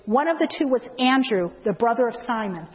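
A woman's voice: fairly high pitch, a little fast. A woman giving a sermon with a personal testimony, asking the audience questions and acting out the dialogue in her stories. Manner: lively storyteller who acts out the dialogue in her stories; asks the audience questions to keep them involved. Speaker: church speaker. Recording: dull lo-fi recording.

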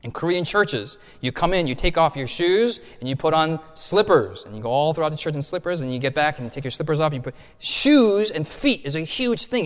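Animated male pastor preaching in a hall. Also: on the high side. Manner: animated, colloquial, emphatic, acts out stories. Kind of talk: sermon. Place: church sanctuary. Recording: long hall reverb.

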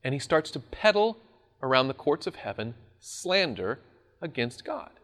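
A man preaching a sermon in an animated, conversational way, often laughing at his own points. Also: mid-range voice, moderate pace.

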